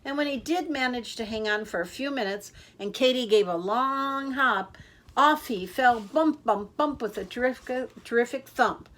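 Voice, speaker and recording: An older woman reading a children's picture book aloud in a lively, expressive way. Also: a little high, normal speed. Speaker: storyteller. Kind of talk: children's story read-aloud.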